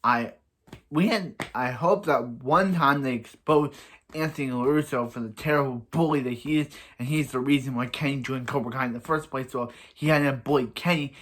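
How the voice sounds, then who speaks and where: Rambling, excitable young male fan. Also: mid-range voice, moderate pace. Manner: rambling and excitable, often restarting sentences. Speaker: fan reviewer. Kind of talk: casual episode review.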